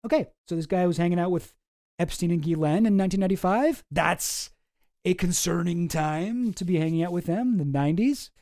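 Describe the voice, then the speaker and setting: A man's voice: sits high, a little fast, mellow, dry recording, studio quality. A man hosting a commentary channel, talking in a casual, rambling, sarcastic way and swearing often.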